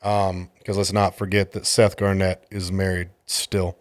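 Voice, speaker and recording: A man's voice: deep voice, flat delivery, measured pace, no echo. A man hosting a podcast, a jiu-jitsu coach telling a story in a casual, exasperated and profane way.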